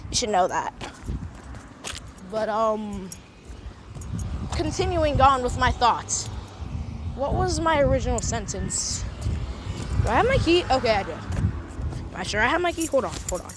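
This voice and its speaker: Slow, rambling young woman on a phone. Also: on the high side, noisy background. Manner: rambling, self-correcting, heavy use of filler words. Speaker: vlogger. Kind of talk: rambling casual monologue. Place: recording on a phone while out and about.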